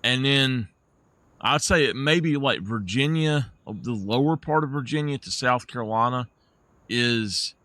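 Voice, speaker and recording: A man with a Southern US accent talks through his game stream in an unhurried drawl. His voice is bright and forward, close and dry on the mic, and he keeps breaking into laughter at his own jokes. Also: mid-range voice, no echo. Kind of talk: casual live-stream chat.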